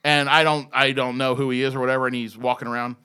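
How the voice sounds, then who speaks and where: An older man from the eastern United States, a podcast guest telling a loud, profane, rambling story and interrupting often. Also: mid-range voice, level tone, quick pace, clear, resonant tone. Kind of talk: casual storytelling chat.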